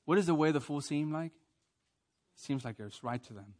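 A man preaching with a fairly high voice, swinging from hushed emphasis to loud, climbing prayers. He leads the congregation in call and response and repeats key lines for them to say back. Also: animated, a little fast, pauses often. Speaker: pastor. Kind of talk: sermon.

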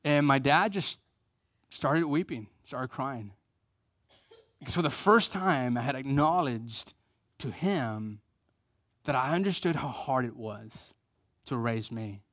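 A middle-aged man preaching a conversational sermon, repeating key phrases for emphasis and joking at his own expense, going soft and low for tender points. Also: expressive, slow, long pauses, no echo. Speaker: pastor.

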